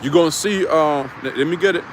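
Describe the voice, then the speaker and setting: A man's voice: a little high, fairly quick. A man preaching from scripture on a live stream, rambling and emphatic, with frequent profanity and fillers, outdoors near traffic. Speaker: street preacher.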